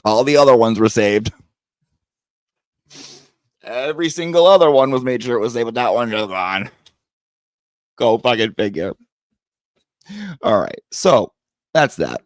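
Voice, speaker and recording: A man's voice: mid-range voice, a little slow, long pauses, no echo. A man hosting a podcast, telling a story of a quarrel in a sassy, profane, dramatic way and acting out both sides. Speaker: podcast host.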